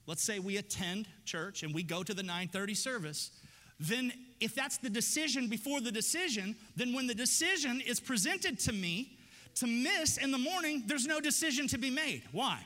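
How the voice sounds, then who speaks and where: A man's voice: high-pitched, bright, forceful tone, big-room sound. A man preaching a sermon as pastor, conversational and joking, building to emphatic repeated lines. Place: church sanctuary.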